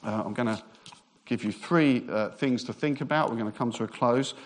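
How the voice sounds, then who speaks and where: A man preaching a Christmas sermon as pastor, emphatic and repetitive, with relaxed humorous asides. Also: mid-range voice, moderate pace. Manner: emphatic, repeats phrases for effect; conversational asides with light humour.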